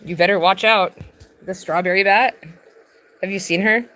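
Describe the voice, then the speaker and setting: A woman's voice: medium pitch, fairly even intonation, normal speed, bright, forceful tone. A woman streaming live from a tent, rambling irreverently in a casual, swearing comic chat. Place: in a tent, sitting on her bed.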